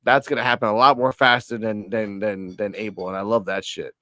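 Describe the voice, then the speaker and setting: A man reviewing a wrestling show in casual podcast chat, swearing freely and animated. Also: on the low side, a little fast, no room sound, clean studio sound. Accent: New York.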